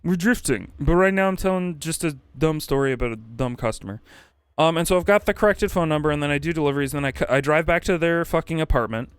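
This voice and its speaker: A man's voice: a little high, fast, clear, resonant tone, dry recording. A man streaming, telling a rambling, profane anecdote in casual chat and acting out quotes. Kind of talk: casual storytelling on a livestream.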